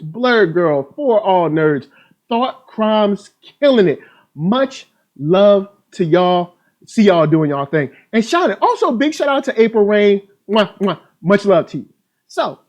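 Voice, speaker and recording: A man hosting a live stream trailer reaction chat, talking in a hype, playful, slang-filled way. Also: sits high. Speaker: host.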